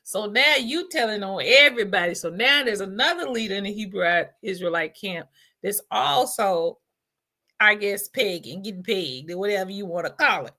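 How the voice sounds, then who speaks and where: A woman's voice: mid-range voice, lively intonation, normal speed, sharp tone. A woman host reacting to a video in casual commentary, incredulous and scolding.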